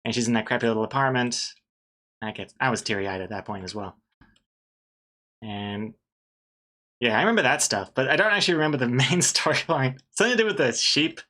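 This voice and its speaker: Bright-voiced man chatting while drawing. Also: medium pitch, fairly quick, pauses often. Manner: chatty, laughs often, trails off mid-sentence. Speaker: artist streaming while drawing. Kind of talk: casual rambling chat while working.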